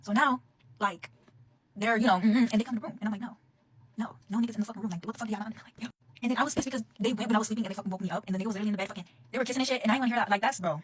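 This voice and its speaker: A young woman rattles through a story at a breakneck pace, swearing freely and getting fired up as she talks to her phone. Her pitch sits in an ordinary middle range, and a faint hiss of background noise runs under the recording. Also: rough recording. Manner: fast, profane, heated storytelling. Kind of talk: casual storytime rant. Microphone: phone camera.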